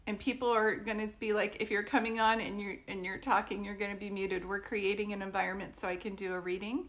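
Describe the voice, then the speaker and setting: A woman's voice: medium pitch, flat delivery, fast talker. A woman psychic medium doing a casual live-stream reading, speaking in a reassuring way and often checking whether things make sense. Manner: warm, reassuring, frequently checks in with "do you know what I mean?".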